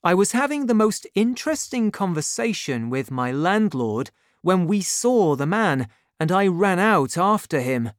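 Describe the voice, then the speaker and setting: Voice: mid-range voice, big pitch swings, unhurried, few pauses, no echo, studio quality, voice pushed up. A reader voicing a brave young male swordsman in a storybook, with a raised, eager, heroic delivery. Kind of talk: storybook reading.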